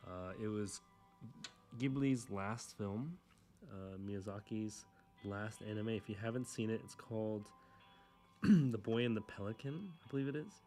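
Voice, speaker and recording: Man, young, casual drawing chat, rambling, self-correcting, low pitch. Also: a little mellow. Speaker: artist drawing on camera.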